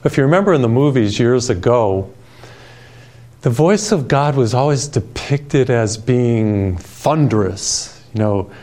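A male television preacher with a calm, peaceful delivery. He speaks gently and unhurriedly, weaving personal stories into his sermon at a middle pitch. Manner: storytelling with personal anecdotes.

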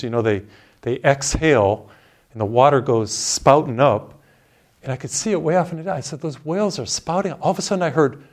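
Middle-aged guy preaching, easygoing storyteller, walks ppl thru deep breaths. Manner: relaxed storytelling, leads listeners in slow breathing. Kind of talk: sermon.

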